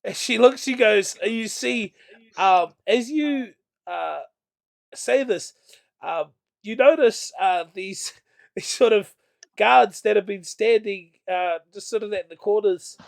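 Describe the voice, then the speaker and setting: A man's voice: high-pitched, slow, gravelly. A man narrating as game master, rambling with many fillers and laughs. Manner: rambling, lots of ums and laughs.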